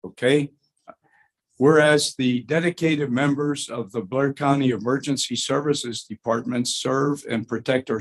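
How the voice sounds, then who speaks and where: A hoarse man chairs a school board meeting. He speaks plainly, clears his throat now and then, and reads a formal resolution at a measured pace. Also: medium pitch.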